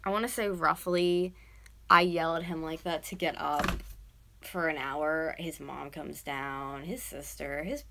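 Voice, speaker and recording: A woman in her twenties from North America, chatting casually on a late-night livestream at home. She rambles with lots of fillers and sometimes yells loudly to wake someone. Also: low-pitched, measured pace, gravelly, slight background noise. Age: 20s. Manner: rambling, filler-heavy, breaks into loud yelling to wake someone. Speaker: vlogger livestreaming. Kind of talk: casual livestream chat while doing art.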